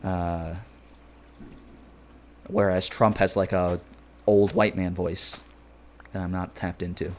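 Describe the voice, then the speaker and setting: A man's voice: low-pitched, flat delivery, takes it slowly, pauses often, a little hiss or hum. A man streaming a game and chatting casually with viewers, rambling and playful with lots of filler phrases. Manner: jokey and playful. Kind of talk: casual live-stream chat.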